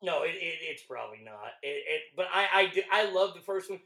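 A man from Texas with a Texas accent, a longtime radio host chatting loudly on a podcast, swearing and stumbling over restarts. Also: fairly high pitch, expressive, brisk, vocal fry, roomy sound. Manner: loud, profane, stammering restarts. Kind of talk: casual podcast chat.

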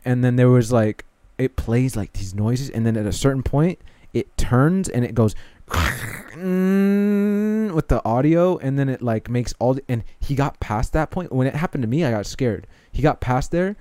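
A young man in casual chat, telling a rambling, excitable story. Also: medium pitch, moderate pace, no room sound.

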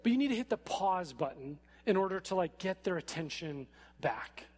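A man preaching a sermon in a church, speaking in a casual, animated way with frequent fillers. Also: on the high side, normal speed. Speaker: pastor. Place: church sanctuary. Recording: echoey hall.

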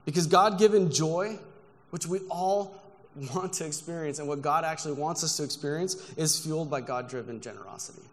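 Brief: male preacher, slightly higher voice, emphatic and earnest, long church-hall reverb. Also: a little fast. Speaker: guest pastor. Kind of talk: sermon. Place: church sanctuary.

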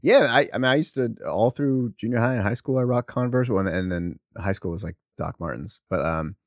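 A man's voice: lowish voice, fairly quick, no echo. Man telling a profane story on a podcast. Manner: profane, animated storytelling with laughs. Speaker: podcast co-host. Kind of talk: casual chat, storytelling.

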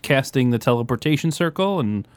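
A man's voice: medium pitch, lively intonation, a little fast, clear, resonant tone, no echo. A man playing a tabletop game, talking in a casual, playful way. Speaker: player.

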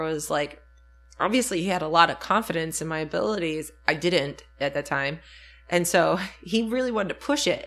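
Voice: mid-range voice, sharp tone. A speaker in casual chat, telling a story reflectively with frequent ums and self-corrections.

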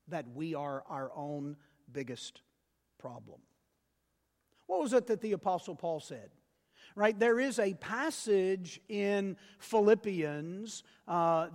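A man preaching a sermon as pastor, emphatic and building to loud peaks, with asides to the congregation. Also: high voice, big-room sound.

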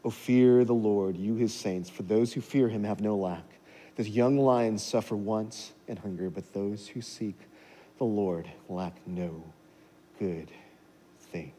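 A male pastor preaching a sermon, swinging from hushed intensity to loud, high exhortation, on a clip-on mic in a church. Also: measured pace, a little hiss or hum. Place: church sanctuary. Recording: long hall reverb.

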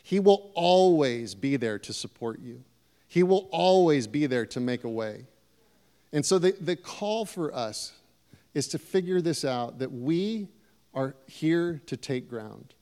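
A man's voice: on the high side, darkish tone. A middle-aged man preaching a sermon with emphatic, repeated declarations. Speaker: pastor. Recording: long hall reverb.

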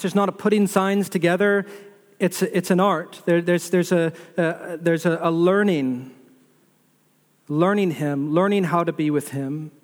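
A man preaching a sermon as pastor, building repetitive lists and asking the listeners rhetorical questions. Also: sits high. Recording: long reverb of a large hall.

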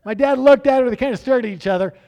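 A middle-aged man preaching as a pastor, telling family stories with halting restarts and acting out the dialogue. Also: very high-pitched, highs cut off. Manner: animated, acts out dialogue in raised voices; halting restarts and repeated words. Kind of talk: storytelling sermon.

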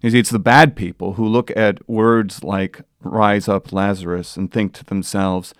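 A man preaching a sermon as pastor, earnest and plain, building to loud emphatic passages. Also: lowish voice, steady tone, measured pace, few pauses, dry recording, clean studio sound. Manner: earnest preaching, rising to loud sung quotes.

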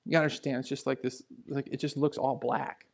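A man in his thirties delivers a sermon from a church stage, telling personal stories in a conversational way. His voice has a gravelly, creaky edge. He moves from quiet asides to raised, emphatic lines. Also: medium pitch, level tone, fast. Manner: conversational, storytelling, swings between hushed asides and raised emphasis. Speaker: pastor. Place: church sanctuary. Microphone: handheld or stage mic.

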